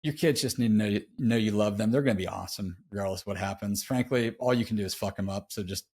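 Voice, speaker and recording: A man's voice: on the low side, quick pace, darkish tone, husky. A middle-aged man telling a personal story as a podcast guest, laid-back and slangy, heartfelt and confessional. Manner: laid-back, slangy, peppers speech with "dude". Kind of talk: casual interview storytelling.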